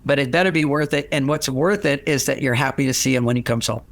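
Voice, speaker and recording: An older man giving relationship advice in a lively storytelling way, acting out what people said and laughing often. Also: medium pitch, quick pace. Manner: animated, acts out quoted voices, laughs often. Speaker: relationship author and guest.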